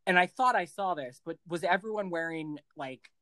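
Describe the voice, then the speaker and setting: A woman hosting a casual chat, effusive and animated in her reactions. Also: on the low side, moderate pace, dry recording. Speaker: host.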